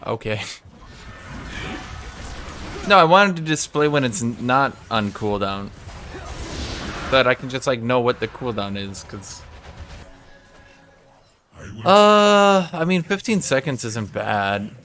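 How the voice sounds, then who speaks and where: A man in a middle register talks loosely while he plays, working things out out loud. He keeps turning to his chat with quick questions, and soft game music hums behind him. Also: mid-range voice, animated. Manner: thinks aloud, asks chat questions. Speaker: game streamer. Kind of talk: casual live-stream chat while playing.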